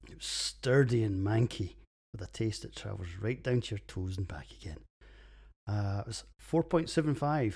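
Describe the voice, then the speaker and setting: A man's voice: medium pitch, darkish tone. A man in his forties hosting a solo beer podcast, rambling crudely and breaking into fits of giggling. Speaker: podcast host reviewing beers.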